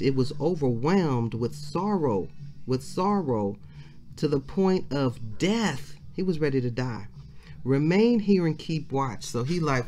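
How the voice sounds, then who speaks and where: A middle-aged woman with a deep, darkish voice leads a devotional as a minister, preaching with fervor. She repeats phrases and breaks in with praise and hallelujahs, sounding close to tears.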